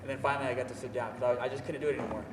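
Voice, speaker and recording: A young man telling a personal story in an animated, self-mocking, emphatic way. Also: mid-range voice, rapid-fire, noisy background. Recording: echoey hall, voice from far off, faint ambience.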